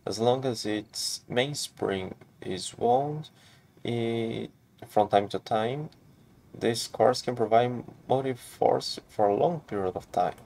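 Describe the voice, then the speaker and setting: A man's voice: mid-range voice, slow pace, vocal fry, a little mellow. A man reading the lines of an eccentric, theatrical male inventor in a game, speaking grandly and wordily. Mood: grandiloquent. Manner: grandiose, wordy speech. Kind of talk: game dialogue read aloud.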